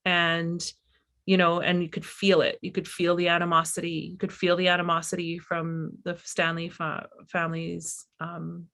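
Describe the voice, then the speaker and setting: A middle-aged woman in a candid, reflective conversation as a filmmaker guest, talking haltingly with many restarts. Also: fairly low pitch, completely flat delivery, a bit bright.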